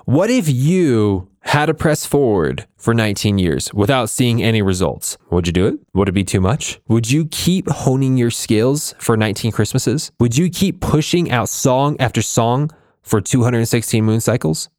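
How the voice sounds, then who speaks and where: A man's voice: medium pitch, expressive, moderate pace, a little mellow, dry recording, clean studio sound. A man hosting a music production channel, reading motivational text aloud and talking with emphatic energy. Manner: fired up, emphatic. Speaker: host.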